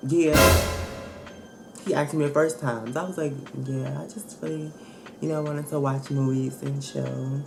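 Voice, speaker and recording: Very low-voiced, sassy woman vlogger. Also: normal speed, loud music behind the voice. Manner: blunt, profane, sassy storytelling; animated, emphatic retelling. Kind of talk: casual storytime vlog.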